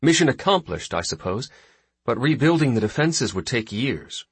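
A man voicing a confident woman fleet admiral who talks in a brisk, commanding way. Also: mid-range voice, sing-song, breathy edge, no echo, voice pushed up, exaggerated voice.

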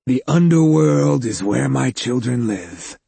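A man voicing a menacing, mocking male cyborg in an audiobook, speaking slowly with an eerie, taunting manner. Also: mid-range voice, expressive, creaky, warm tone, slightly rough, no echo, heavily acted. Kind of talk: audiobook character voice.

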